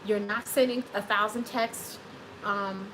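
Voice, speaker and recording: A woman hosting a live stream, reading chat comments and giving dating advice in a sassy, animated way, with speech. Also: medium pitch, a little slow, background noise. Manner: sassy, animated, repeats phrases for emphasis.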